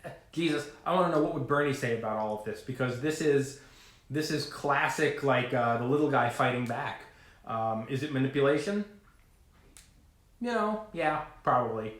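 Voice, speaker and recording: A man vlogging to camera about trading, talking in a rambling, animated way full of fillers and asides. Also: mid-range voice, moderate pace, echoey room. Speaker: finance vlogger. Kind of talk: casual talking-to-camera rant.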